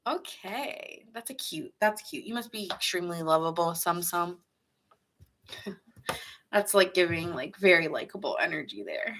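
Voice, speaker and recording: In another casual live tarot session, this woman muses aloud, laughs a lot, and reacts to what viewers write in. She speaks at normal speed in a lowish, slightly bright voice with lively intonation, over a faint hiss or hum.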